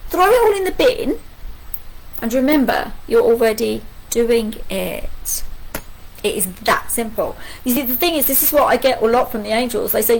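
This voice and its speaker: Animated woman giving a card reading. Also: a little high, slight background noise, rough recording. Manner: animated, repeats rhetorical questions, chatty asides. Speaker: angel card reader. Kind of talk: live pick-a-card reading.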